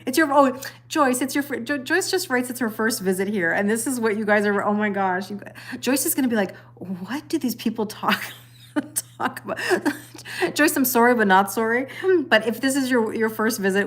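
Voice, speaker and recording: Chatting and laughing a lot, a middle-aged tarot reader greets her live-stream viewers by name during a casual session at home. Her voice is fairly high-pitched and she talks at normal speed.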